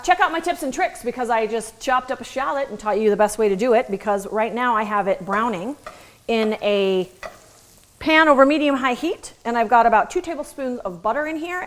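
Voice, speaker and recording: A woman's voice: mid-range voice, fairly bright tone, poor audio. A woman chef giving a casual cooking demonstration in a kitchen, chatty and joking, with asides to the viewers. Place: kitchen at the stove. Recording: sizzling pan noise behind the voice.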